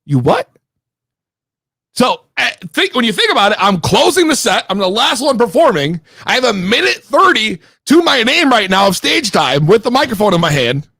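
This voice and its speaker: A man's voice: very high-pitched, sing-song, a little fast, hardly any pauses, pushed and bright, slightly rough, no echo. A young man from Connecticut telling a story in a casual, profane, heated way, slangy and rambling. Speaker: podcast regular telling a story.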